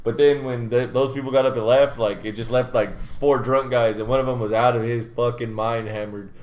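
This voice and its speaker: A young man hosting a podcast. He tells an animated, profane anecdote in casual chat. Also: mid-range voice, fairly quick. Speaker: podcast host. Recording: echoey room.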